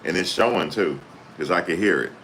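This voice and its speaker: A male channel host reads court updates aloud and reacts in an animated, blunt, slangy way, swearing freely. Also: low-pitched, a little fast, a little hiss or hum. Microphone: desktop USB microphone.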